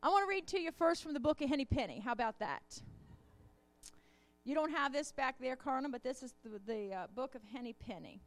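Woman preacher, high voice, fired up, keeps asking the church to say amen. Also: expressive, fairly quick. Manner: call-and-response, rising fervor. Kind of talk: sermon.

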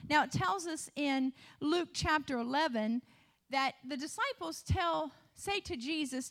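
A woman pastor preaches in a high voice. Her delivery is emphatic and rhythmic, and she punctuates it with exclamations of praise. She keeps turning to the congregation with rhetorical questions. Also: a little slow, fairly bright tone. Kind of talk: sermon.

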